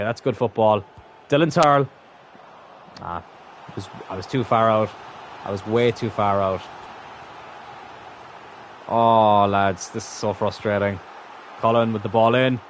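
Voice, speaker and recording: A young man commentating his own gameplay live, swearing constantly and swinging from exasperated outbursts to low muttering. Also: steady tone, measured pace, pauses often, slight background noise. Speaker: gaming channel host.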